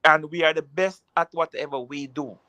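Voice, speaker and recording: A man's voice: fairly high pitch, fairly even intonation, moderate pace, pushed and bright, no echo. A man in a casual chat, telling jokey stories in patois-laced speech.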